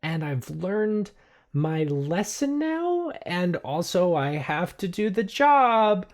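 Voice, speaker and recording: Guy doing a jittery guilty politician, higher voice, stammers and fumbles every excuse. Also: sing-song, slow, full character voice. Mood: rambling. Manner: stammering, flustered. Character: nervous, guilty male mayoral candidate.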